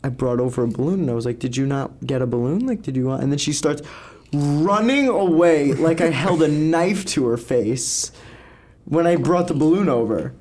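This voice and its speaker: A man's voice: a little high, expressive, moderate pace, a little mellow. A young man co-hosting a podcast, telling stories in a rambling, casual way and swearing freely. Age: young adult. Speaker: podcast co-host.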